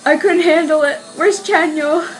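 A young woman hosting a reaction video, excitable, shrieking and laughing as she comments. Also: high voice, normal speed, soft background music.

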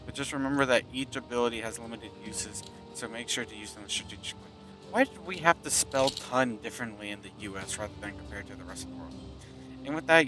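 A man giving casual gameplay commentary, joking and stumbling as he reads tutorial text aloud. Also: medium pitch. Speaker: gaming video host. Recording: with loud game music behind.

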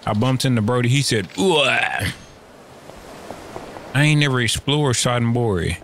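A man's voice: medium pitch, animated, a little slow, fairly bright tone, slight background noise. A man giving loose, profane gameplay commentary, full of slang and playful trash talk aimed at the screen. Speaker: let's play gamer.

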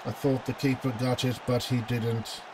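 A man's voice: mid-range voice, level tone, moderate pace, noisy background. A man commentating his own football management game, pleading with his team and groaning at misses. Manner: anxious, pleading, groans and outbursts of frustration. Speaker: gaming channel host. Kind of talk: let's play commentary.

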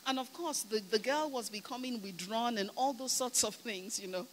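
A Nigerian woman preacher tells a story during a sermon, speaking emphatically, saying "you know" a lot, and asking her listeners whether they are listening. Her voice is on the high side and fairly bright, at a normal speed, and the recording has long hall reverb with a faint hum.

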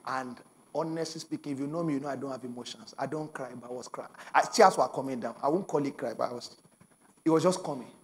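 A young adult Nigerian man preaching a sermon as pastor, telling stories with bursts of shouting and laughter. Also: mid-range voice, quick pace.

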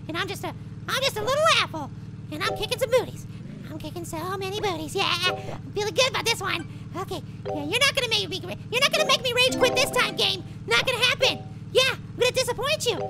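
A man voicing a tiny, excitable male cartoon apple who plays a mobile game, with frustrated outbursts and silly alliterative exclamations. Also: extremely high pitch, vocal fry, noisy background. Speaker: let's play gamer. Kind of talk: cartoon character game commentary. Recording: loud music under the voice.

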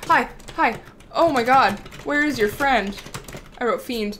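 A woman's voice: a little high, unhurried, slight background noise. A young woman live-streaming a game, chatting casually, swearing freely and bantering with her chat. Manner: excitable, swears freely, talks back to chat.

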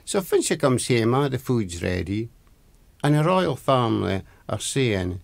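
A Scottish storyteller with an Aberdeen accent recounts a traditional folk tale, his speech lilting as he repeats words for emphasis. His mid-range voice is very animated and unhurried, with vocal fry and no room sound.

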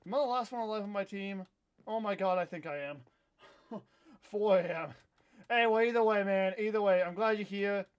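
A young man from Iowa in his twenties, hosting a live gameplay stream and chatting in a rambling way, with sudden loud outbursts when the game goes wrong. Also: sits high, normal speed, smooth. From Iowa, USA. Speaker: livestream host. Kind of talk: casual live gameplay chat.

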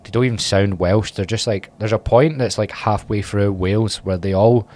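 Lowish-voiced Scottish man, candid podcast host. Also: steady tone, normal speed, a little mellow. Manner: candid, self-mocking and rambling. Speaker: podcast host and fitness coach. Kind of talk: casual solo podcast chat.

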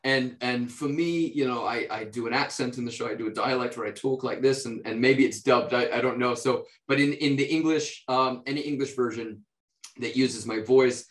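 A man from the United States, an actor, answering interview questions in a relaxed, rambling way, with lots of fillers and restarts. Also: medium pitch, normal speed. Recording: roomy echo.

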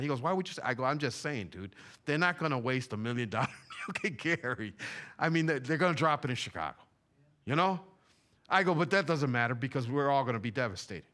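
A man's voice: medium pitch, bright, forceful tone. A man preaching a sermon in a church, talking in a loose, conversational way with slang and repeated phrases. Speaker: pastor. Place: church sanctuary.

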